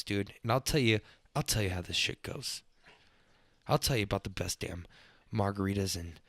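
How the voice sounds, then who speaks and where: Profane, excitable podcast host. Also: male voice, on the low side, no room sound. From Texas. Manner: profane, loose and excitable, swings up when worked up. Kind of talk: casual rambling monologue.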